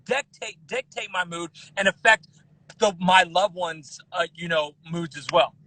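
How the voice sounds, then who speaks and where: A man in his thirties guesting on a podcast, talking in an animated way with lots of restarts and repeated words. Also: sits high, measured pace, no echo, poor audio. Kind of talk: casual podcast chat.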